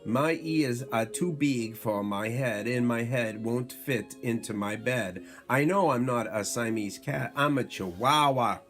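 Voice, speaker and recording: A man voicing an excitable boy kitten who pretends to be a Chihuahua hero, with a put-on Spanish accent and loud sing-song chants. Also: medium pitch, measured pace, few pauses, soft background music, pitched above the performer's own voice, lightly acted. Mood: boastful.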